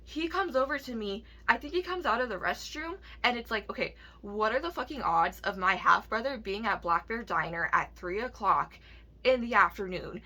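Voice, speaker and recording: Young woman, higher voice, bright and sharp tone, rambling storytime rant, frequent swearing. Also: lively intonation, moderate pace. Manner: rambling, profane, fillers of "like". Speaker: vlogger.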